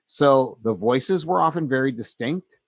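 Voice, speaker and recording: A man's voice: medium pitch, animated, unhurried, vocal fry, dry recording. A man co-hosting a casual podcast, talking reflectively with many fillers and restarts. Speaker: podcast co-host.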